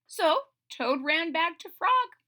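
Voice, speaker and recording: A woman reading a children's story aloud in an animated, expressive way, talking to young listeners. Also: extremely high pitch, slow pace.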